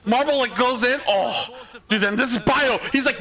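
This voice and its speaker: High-voiced, bright male esports streamer. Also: brisk. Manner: swears constantly, says "dude" a lot, yells at big plays. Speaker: watch-party streamer. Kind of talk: excited live esports reaction commentary.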